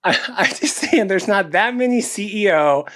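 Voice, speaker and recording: A man's voice: high-pitched, expressive, normal speed, a bit bright. A young man co-hosting a casual podcast, rambling and self-deprecating, often restarting his sentences. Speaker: podcast co-host.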